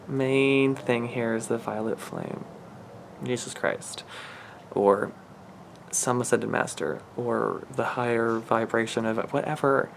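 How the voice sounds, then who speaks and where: Slow and gravelly, with long pauses and a sharp tone at medium pitch, a male spiritual reader channels a reading earnestly and emotionally. He rambles, restarts sentences, and there's slight background noise.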